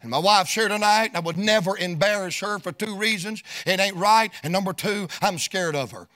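A middle-aged man, preaching a storytelling sermon in a folksy, sing-song cadence that rises into shouts. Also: sits high, fairly quick. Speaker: evangelist preacher.

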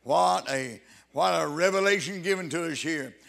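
A man preaching a sermon, fervent and halting, with frequent restarts that build to loud emphatic exclamations. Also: on the high side, vocal fry.

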